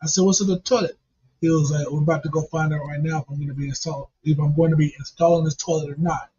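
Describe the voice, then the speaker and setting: A man's voice: on the high side, flat delivery, fast talker, warm tone, a little hiss or hum. A man casually telling a profane, funny story and laughing along as he goes. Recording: dull lo-fi recording.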